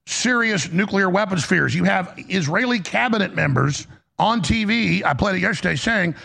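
A man's voice: high voice, moderate pace, creaky, bright, forceful tone, slightly rough. A man hosting a political commentary show, heated and emphatic, often restarting his sentences.

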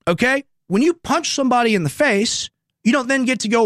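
A young male radio host in his twenties runs a heated commentary monologue, hammering points home with repeated rhetorical questions. His voice sits high for a man, and the sound is dry and close, with no room echo. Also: animated, fairly quick, a bit bright. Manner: emphatic, repetitive rhetorical questions.

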